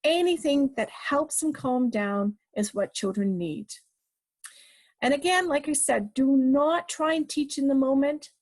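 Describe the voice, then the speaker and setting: This is a middle-aged woman giving a parenting talk, with a voice that sits fairly high. She is emphatic and direct, and she drives her points home with short, repeated commands. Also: measured pace, darkish tone. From Canada. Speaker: parenting educator.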